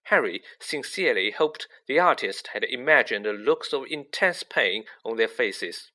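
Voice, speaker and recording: A man reading a children's novel aloud as narrator, with lively expression. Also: mid-range voice, measured pace. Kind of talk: audiobook reading.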